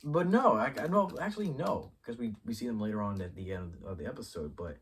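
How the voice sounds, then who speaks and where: Husky-voiced man excitedly reviewing a show. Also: lowish voice, brisk, distant mic. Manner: excitable and profane, acts out characters' lines mid-sentence; rambling, thinks aloud with many restarts. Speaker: YouTube show host reviewing a TV episode. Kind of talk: casual spoiler review talk.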